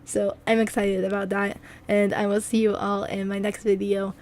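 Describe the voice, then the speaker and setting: A young adult woman with a hoarse voice, chatting through a casual, rambling voice-over about her game build. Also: medium pitch, little pitch movement, moderate pace, darkish tone. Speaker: video game building creator.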